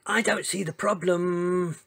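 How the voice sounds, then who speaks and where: A man's voice: high-pitched, fairly even intonation, slow pace, fairly bright tone, breathy edge, voice pushed up, full character voice. A man doing a bubbly young girl dinosaur. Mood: excited. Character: cheerful young female dinosaur, bouncy and eager.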